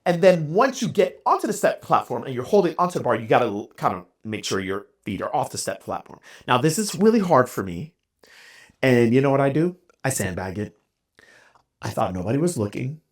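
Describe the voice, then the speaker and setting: A man's voice: medium pitch, husky. Male podcast host with a mid-range voice and plenty of swing, candid and self-deprecating. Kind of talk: casual storytelling monologue.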